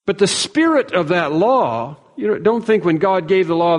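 A man preaching a sermon in an earnest, measured way, quoting speakers in small acted-out voices. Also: high voice, expressive. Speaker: pastor. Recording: long reverb of a large hall.

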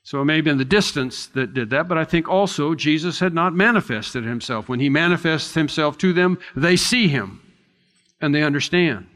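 A man's voice: a little high, animated, moderate pace, fairly bright tone, long reverb tail. A man preaching an expository sermon in a conversational, reflective way, often restarting and adding asides.

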